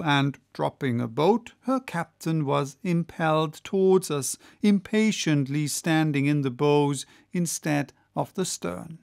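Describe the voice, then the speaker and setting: An audiobook narrator reading a classic novel in a measured, unhurried manner. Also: medium pitch, darkish tone, no echo, studio quality.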